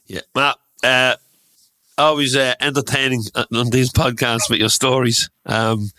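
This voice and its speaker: Man, podcast host, bright forceful voice, dry close sound, repeats words. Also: medium pitch, level tone, measured pace, no room sound. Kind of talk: casual chat.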